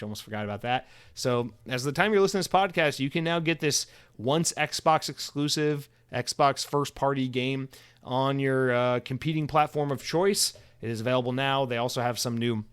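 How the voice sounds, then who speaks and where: A man's voice: medium pitch, smooth. A man in his thirties hosting a solo podcast alone, rambling casually with sarcastic, profane asides.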